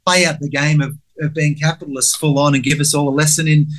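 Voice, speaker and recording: A man's voice: on the high side, level tone, fast. A man talking as a guest, telling a story candidly with some swearing and acting out his own inner voice. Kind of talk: conversational storytelling.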